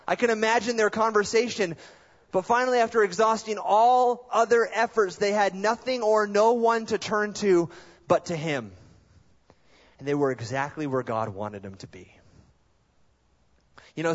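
A male pastor preaching a sermon, telling stories in an animated way with self-deprecating humor. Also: medium pitch. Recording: dull lo-fi sound.

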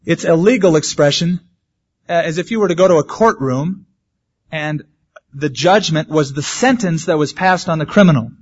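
Man preaching, slightly high, lo-fi. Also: normal speed, husky. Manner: conversational preaching with humorous asides. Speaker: pastor. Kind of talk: sermon. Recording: dull lo-fi sermon recording.

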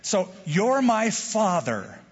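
A man preaching a sermon as a pastor, animated, acting out quoted prayers with jokes. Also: sits high, slow pace, husky. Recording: dull lo-fi sound with hall reverb.

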